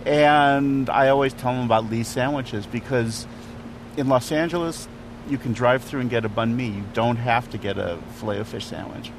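A man with a mid-range voice talks food as a restaurant critic, easygoing and sure of his subject, pausing on fillers as he thinks. He is recorded in a parked car and later at a restaurant table, with a faint hum of traffic behind him. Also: mid-range voice. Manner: relaxed, knowledgeable, thinks aloud with fillers. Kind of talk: casual conversational explaining. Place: inside a car at a drive-thru, then a restaurant.

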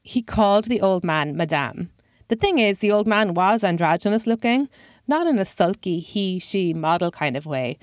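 A woman's voice: mid-range voice, animated, normal speed, no echo. A woman comedian telling a first-person comic story in a dry, self-deprecating way.

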